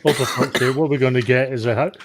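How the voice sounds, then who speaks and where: A man's voice: mid-range voice, fairly even intonation, fast, slight background noise. A man playing a tabletop game, blunt and profane with dry jokes. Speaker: player.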